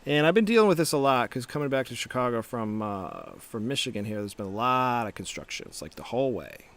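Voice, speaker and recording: A man's voice: medium pitch, sing-song, fairly quick, a bit bright. A middle-aged man giving a casual motivational talk to camera, reflective, with restarts and rhetorical questions. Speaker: startup founder and coach.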